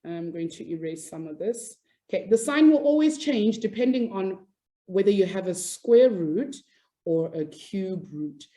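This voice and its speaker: A woman's voice: medium pitch, lively intonation, a little slow, dark tone. A woman teaching a maths class online, upbeat and chatty, apologizing and laughing easily as she explains.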